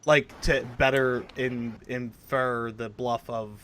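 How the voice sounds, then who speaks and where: A man chatting casually as a player in a tabletop game, in a middle-pitched voice. He sounds relaxed and joking. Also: slow, a little hiss or hum. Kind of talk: casual chat.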